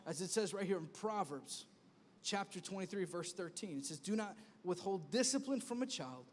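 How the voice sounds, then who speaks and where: A man in his thirties preaches in a high, animated voice, returning again and again to a repeated refrain. He talks to the congregation in a conversational way. His voice rings with the long reverb of a large church hall. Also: normal speed, a little hiss or hum. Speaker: pastor. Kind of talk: sermon.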